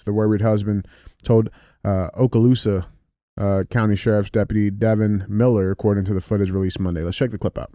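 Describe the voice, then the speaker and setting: A man's voice: fairly low pitch, fairly even intonation, brisk, mellow, dry recording, clean studio sound. A man co-hosting a podcast, introducing a segment and reading a headline aloud in casual talk. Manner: agreeable, hypes the segment, reads headlines. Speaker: podcast co-host.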